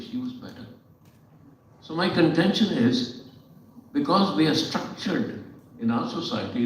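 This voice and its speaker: Indian man telling stories in an echoey hall. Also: medium pitch. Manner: animated storyteller with rhetorical questions. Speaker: panel speaker. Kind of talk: storytelling talk at a panel. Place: event hall on stage. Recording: echoey hall from far off, dull sound.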